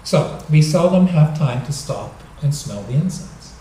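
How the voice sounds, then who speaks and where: A man giving a dharma talk, explaining gently and joking now and then, recorded in a temple hall. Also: a little high, animated, unhurried, slight background noise. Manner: gentle, explanatory, with light humor. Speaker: minister. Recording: echoey hall, mic at a distance.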